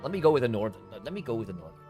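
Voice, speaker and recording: A man chatting over his gameplay in a relaxed, self-critical way, his pitch bouncing up and down as he thinks aloud. He sounds a little tired, and faint music plays in the background. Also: racing. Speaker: game streamer. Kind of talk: casual gameplay commentary.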